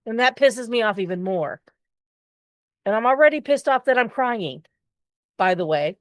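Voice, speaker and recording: A woman's voice: on the high side, animated, normal speed, no echo. A woman co-hosting a podcast, talking candidly and expressively in casual chat, swearing freely. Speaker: podcast co-host.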